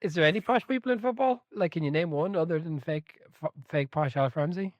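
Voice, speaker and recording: A man's voice: a little high, a little fast, dry recording, dull audio. A man co-hosting a casual chat about a football book, telling stories with laughter and the odd swear word. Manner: animated storyteller, swears, laughs mid-sentence. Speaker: podcast co-host.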